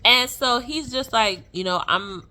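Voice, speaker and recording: A young adult woman telling a personal story in a casual, animated way, full of fillers and laughing as she goes. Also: a little high, measured pace. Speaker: vlogger sharing a testimony.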